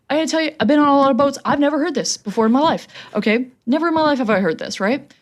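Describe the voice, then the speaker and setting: A young adult woman co-hosting a podcast, telling a comedic story in a casual, animated way and laughing as she goes. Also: high voice, fast talker, hardly any pauses. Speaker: podcast co-host.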